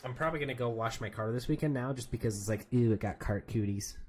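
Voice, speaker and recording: A man's voice: mid-range voice, fast. A man chatting casually while playing a game, rambling from one story to the next and laughing often. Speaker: streamer. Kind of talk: casual gaming chat.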